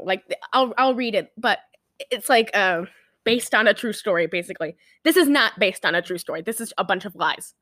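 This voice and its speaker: A woman's voice: a little high, fairly bright tone, no echo, clean studio sound. A woman hosting a podcast in casual chat, giggling often and rambling with lots of fillers. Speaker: podcast host.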